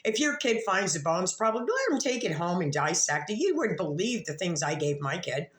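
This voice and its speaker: A woman's voice: lowish voice, very animated, fairly quick. Profane rambling woman in echoey room. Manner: profane, rambling, with frequent restarts. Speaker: YouTube commentator. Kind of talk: casual rambling commentary.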